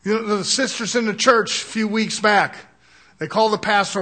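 A man's voice: high voice, steady tone, brisk, pushed and bright. An older man preaching a sermon in a folksy, chuckling way, often asking the congregation "Amen?".

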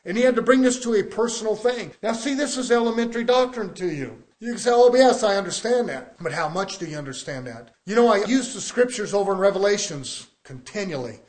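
High-voiced preaching man. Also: lively intonation, fast, hardly any pauses. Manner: preaching with rising emphasis and rhetorical questions. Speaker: pastor. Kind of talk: sermon.

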